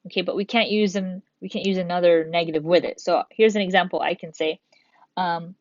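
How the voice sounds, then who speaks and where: A woman's voice: on the low side, steady tone, fairly quick, dry recording. A woman teacher giving a recorded grammar lesson, patiently explaining step by step and reading examples aloud. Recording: dull, dry lo-fi sound.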